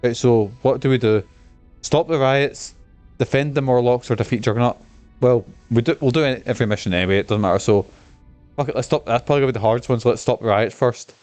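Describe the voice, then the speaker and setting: A man's voice: medium pitch, fast talker, darkish tone, faint music behind. A man chatting casually while streaming a game, enthusiastic and swearing freely. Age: adult. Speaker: gaming streamer. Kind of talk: casual gameplay commentary.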